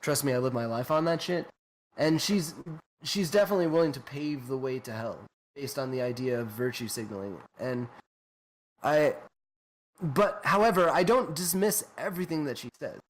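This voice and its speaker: A man's voice: mid-range voice, moderate pace. A man from New Mexico co-hosting a podcast in casual, profane chat, laughing often. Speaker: podcast co-host.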